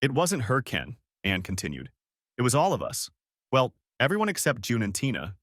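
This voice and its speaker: Here is a man playing a pushy, impatient woman friend who presses her point hard. Her pitch rises and falls in lively swings as she talks. The sound is dry and close, with no room around it. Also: normal speed, no echo. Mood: exasperated. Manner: pressing, exasperated. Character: frantic female friend, insistent and blunt.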